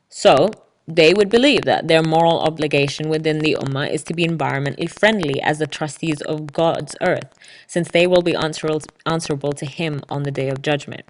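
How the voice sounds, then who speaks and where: A woman's voice: low-pitched, fairly quick, slight background noise, poor audio. A woman hosting a solo podcast, talking through prepared notes in an explanatory, lecture-like way with dry ironic asides. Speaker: podcast host.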